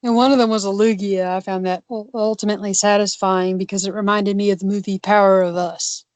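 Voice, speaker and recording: A woman's voice: medium pitch, steady tone, fairly quick, a little mellow, no room sound. A woman cohosting a casual podcast discussion, rambling with many restarts and fillers.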